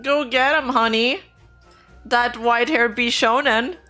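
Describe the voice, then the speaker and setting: A woman's voice: on the high side, unhurried, sharp tone, faint music behind. A young woman streaming live, chatting casually with her viewers in a blunt, teasing way and laughing often. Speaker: streamer reacting to viewer clips.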